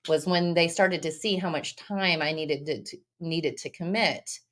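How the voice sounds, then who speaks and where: A woman from Texas with a fairly low-pitched voice talks as a podcast guest in a relaxed interview. She is blunt and candid, and she slips into quoted remarks from other people as she tells her story. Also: a little slow. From Texas, USA. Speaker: podcast guest, business owner. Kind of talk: casual interview conversation.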